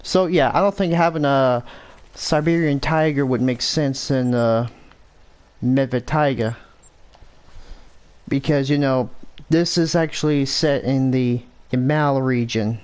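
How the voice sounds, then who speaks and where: A man's voice: mid-range voice, takes it slowly, pauses often, a little mellow, clear, resonant tone. An American man giving casual, rambling commentary over a hunting game, thinking aloud and correcting himself as he goes. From United States. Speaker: gameplay commentator.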